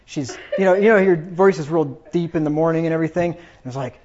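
A man's voice: a little high, fast, hardly any pauses, a crowd in the background. A man casually telling rambling family anecdotes, chuckling as he goes. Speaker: storyteller. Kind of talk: casual personal storytelling. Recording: dull lo-fi recording.

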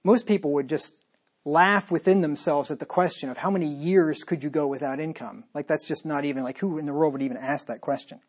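A man's voice: on the high side, fairly quick, husky. A man preaching a sermon as pastor, talking straight to his listeners with emphatic repetition and rhetorical questions.

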